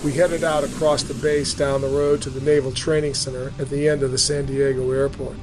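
A man's voice: mid-range voice, little pitch movement, fairly quick. Man earnestly reading his memoir. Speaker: storyteller recounting his boot camp.

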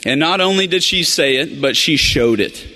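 A man giving a memorial speech, slow and deliberate with pauses. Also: a little high, animated, sharp tone. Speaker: eulogy speaker. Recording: reverberant arena, faint music.

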